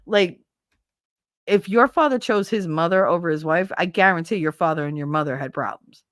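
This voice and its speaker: A woman's voice: fairly low pitch, normal speed, a bit bright, no room sound, clean studio sound. A woman from New Jersey with a Jersey accent and a slight Southern twang, hosting a podcast as casual, opinionated chat, blunt and profane. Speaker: podcast host.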